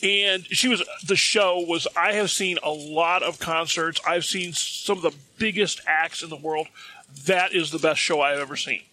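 A man's voice: fairly high pitch, moderate pace, sharp tone. A middle-aged man hosting a podcast. He tells a long personal anecdote in a chatty, self-amused way and chuckles at his own jokes. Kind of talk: casual storytelling.

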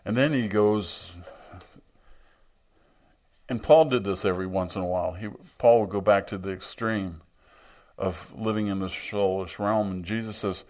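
A man's voice: fairly low pitch, normal speed, long pauses, darkish tone. A man preaching a sermon, reading scripture aloud and reflecting on it in a musing way.

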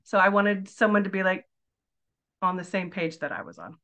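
A woman's voice: mid-range voice, lively intonation, moderate pace, fairly bright tone. A woman in her forties, a podcast guest chatting casually and telling her story with lots of filler words. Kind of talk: casual interview chat.

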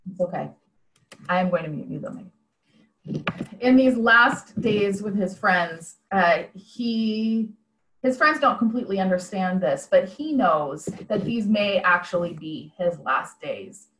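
A woman's voice: medium pitch, lively intonation, unhurried, a bit bright, reverberant, slight background noise, rough recording. A woman preaching a conversational sermon over a video call, retelling a story in a plain-spoken, reflective way.

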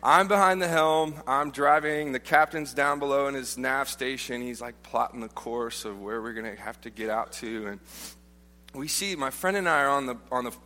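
Male preacher, bright tense voice, joking storyteller style, long church-hall reverb. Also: mid-range voice, normal speed. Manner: humorous, informal, frequent restarts. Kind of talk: conversational sermon with storytelling. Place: church auditorium.

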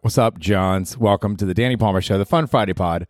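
A man's voice: fairly low pitch, lively intonation, a little fast, hardly any pauses, a little mellow, dry recording, studio quality. A man hosting his comedy podcast, rambling, swearing and poking fun at himself. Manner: profane, rambling, self-mocking. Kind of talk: casual comedy monologue.

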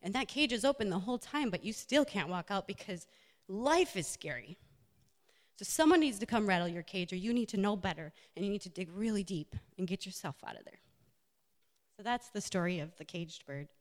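Speaking fairly quickly in an animated, mid-range voice, this woman is a health and wellness coach and nurse. She delivers an earnest, filler-heavy motivational talk about her own life, backed by slides, in a hall full of echo.

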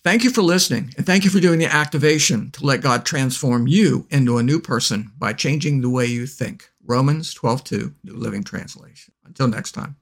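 A man giving a devotional teaching in a slow, deliberate way, dropping to a near murmur as he recites scripture. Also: medium pitch, creaky.

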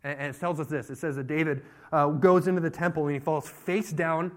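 A man preaching a sermon, retelling a story with acted-out voices and sudden loud outbursts. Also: on the high side, fairly even intonation, brisk. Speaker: pastor.

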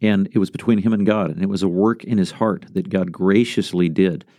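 A man's voice: sits low, fairly even intonation, brisk, warm tone, dry recording, studio quality. A man who is a pastor, co-hosting a teaching podcast in a conversational way, asking questions and affirming.

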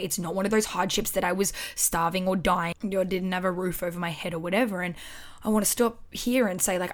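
Woman, young adult, Australian accent, podcast host, expressive, swears often, home microphone. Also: medium pitch. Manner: expressive, frequent swearing, emphatic. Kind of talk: casual motivational podcast monologue. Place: her house. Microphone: studio microphone.

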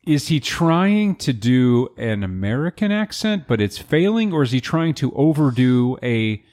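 Animated man asking confused questions. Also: mid-range voice, unhurried. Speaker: podcast co-host. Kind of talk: casual chat.

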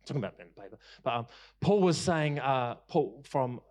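A man's voice: medium pitch, expressive, moderate pace, darkish tone. A man preaching a passionate sermon, repeating his lines for emphasis and using casual fillers. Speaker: pastor.

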